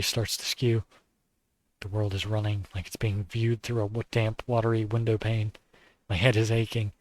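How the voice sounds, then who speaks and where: A man's voice: on the low side, no room sound, close to an everyday voice. A male streamer reading a visual novel aloud as its weary, despairing young male narrator, in a subdued and pained first-person voice. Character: weary, despairing young man being strangled.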